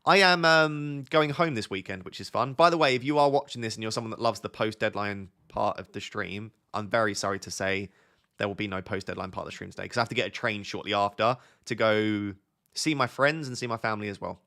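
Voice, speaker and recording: A young man from Essex, England, with a southern English accent chats casually on a live stream as a fantasy football streamer, reading out viewer questions and offering friendly advice while thinking aloud. His voice is lowish, fairly quick, pushed and bright.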